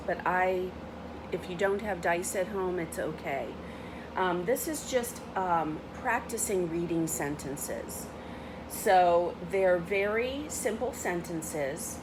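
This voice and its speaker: Woman, teacher, patient step-by-step instructions, slow pace, noisy recording. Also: lowish voice. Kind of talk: remote class instructions.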